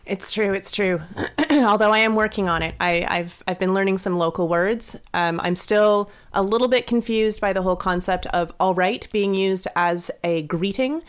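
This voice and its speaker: A woman's voice: medium pitch, moderate pace, clean tone. A Canadian woman talking as a podcast guest in a friendly, self-deprecating way. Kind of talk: casual interview.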